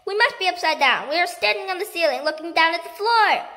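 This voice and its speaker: A woman voicing a cruel, loud old man who shouts and blusters. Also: very high-pitched, lively intonation, fast, in a large hall, voice pushed up, full character voice. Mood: blustering, panicked.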